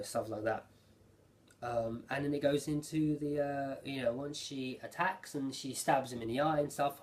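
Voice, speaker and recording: A man giving a casual spoken recap of an anime episode, rambling and excitable, with lots of fillers and restarts. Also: mid-range voice. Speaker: anime reviewer.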